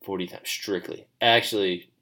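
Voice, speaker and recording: Laid-back man, low voice, rambling. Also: fairly even intonation, normal speed, pushed and bright. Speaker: podcast co-host. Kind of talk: casual chat. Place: studio.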